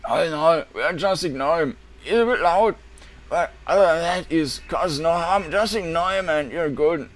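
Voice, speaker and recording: A man voicing a friendly, chubby bearded shopkeeper in a video game, with a raspy voice that turns thin and breathy when it rises, coughing between lines. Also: fairly high pitch, moderate pace, lightly acted.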